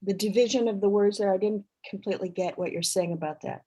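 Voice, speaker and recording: A woman's voice: mid-range voice, fast, warm tone, rough recording. A woman in a study class asking a question, hesitant and searching for her words.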